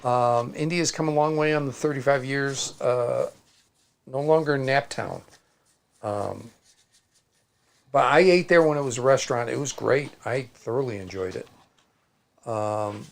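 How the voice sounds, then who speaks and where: A man's voice: medium pitch, lively intonation, unhurried, creaky. A man with a Midwestern accent co-hosting a casual crafting livestream, chatting and reading out viewer comments. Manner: chatty, storytelling, reads out comments.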